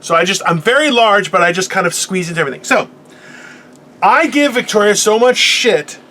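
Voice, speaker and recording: A man in his forties co-hosting a podcast, telling a profane story in an animated casual rant with sudden loud outbursts. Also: high-pitched, a little fast, a little hiss or hum. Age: 40s. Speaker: podcast co-host.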